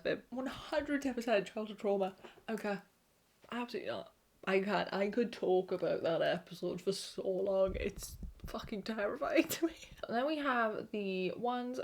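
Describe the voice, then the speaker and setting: A young Welsh woman chatting to camera, animated, swearing and laughing often. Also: medium pitch. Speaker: vlogger. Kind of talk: casual chat to camera.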